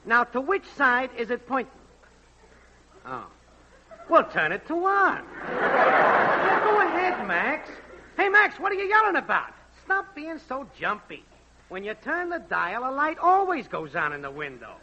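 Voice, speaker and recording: Brassy wiseguy tech in 40s radio comedy, high-pitched, bouncy singsong, old hissy broadcast. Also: male voice, huge pitch swings, a little slow, pauses often, full character voice. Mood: bossy. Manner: loud brassy wise-guy patter, repeats a singsong test call. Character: brash wisecracking male network technician. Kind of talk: 1940s radio comedy acting. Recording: dull old radio broadcast with faint hiss.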